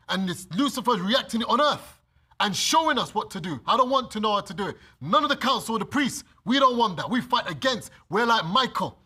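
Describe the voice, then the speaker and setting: A man with a British accent, preaching a sermon and reading scripture, animated and acting out the scenes. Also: high voice, breathy edge. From Britain. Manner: animated, acts out scenes, laughs often. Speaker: preacher leading bible study.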